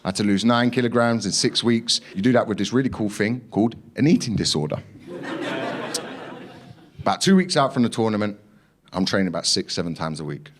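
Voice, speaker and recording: Young male stand-up, brash and sweary, jumps into loud character voices in a club set. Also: on the low side, animated, a little fast, pauses often, a little hiss or hum. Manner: brash, swearing, acts out others in raised voices. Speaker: stand-up comedian. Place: comedy club stage.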